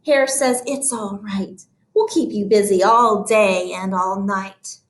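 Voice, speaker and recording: A woman doing an eager squeaky mouse. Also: slow, echoey room, lightly acted. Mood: reassuring. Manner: squeaky, urging. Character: small eager mouse friend, excitable.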